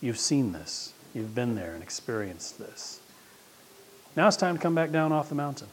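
A middle-aged man preaching a sermon as pastor, swinging between loud emphasis and hushed, quiet asides. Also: medium pitch, sing-song, normal speed, a little hiss or hum.

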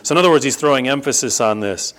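A man's voice: expressive, fast. Emphatic man preaching a sermon. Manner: emphatic, rises to sharp high bursts and repeats "no, no, no"; teaching, explains Greek grammar to the congregation. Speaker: pastor.

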